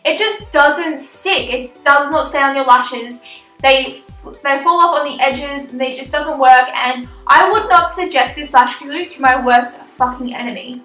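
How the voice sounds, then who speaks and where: Casting note: young woman, bright and sharp-toned, blunt, swearing beauty vlogger. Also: sits high, measured pace. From Australia. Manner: blunt, ranting, swears freely. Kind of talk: casual product review vlog. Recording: echoey room with faint music.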